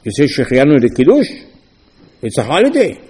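A man giving a Torah lecture as a rabbi, arguing back and forth through rhetorical questions in a lively, animated way. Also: medium pitch, quick pace, breathy edge, in a large hall.

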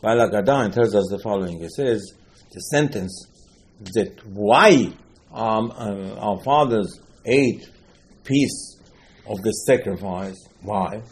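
A man teaching a Torah class as a lively storyteller, repeating phrases and mixing in Hebrew terms. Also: lowish voice, slow. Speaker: rabbi teaching Talmud.

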